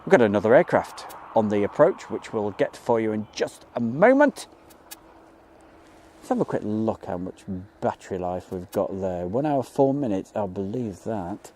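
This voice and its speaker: His voice sits on the low side and has a sing-song lilt at a moderate pace. He's a chatty livestream host outdoors near an airport, reading out viewer names and greeting them warmly.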